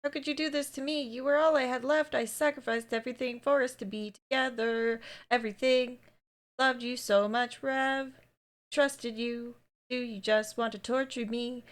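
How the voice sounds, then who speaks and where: A woman's voice: on the high side, steady tone, moderate pace, natural voice. A woman reading out the lines of a heartbroken, betrayed young woman from a game, pleading and then bitterly accusing.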